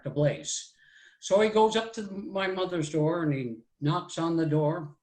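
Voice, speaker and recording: A man's voice: fairly high pitch, normal speed, darkish tone, reverberant, poor audio. Older man, folksy storyteller. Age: 60s. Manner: folksy and rambling, with "so anyway" and "right?". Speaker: guest storyteller. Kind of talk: live oral storytelling.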